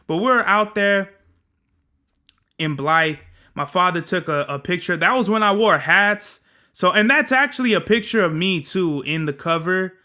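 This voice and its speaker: Young male podcast host, rambling and profane, bright and crisp tone. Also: high-pitched, expressive, a little slow. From Southern California. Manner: profane, rambling, slangy storytelling. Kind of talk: casual solo podcast monologue.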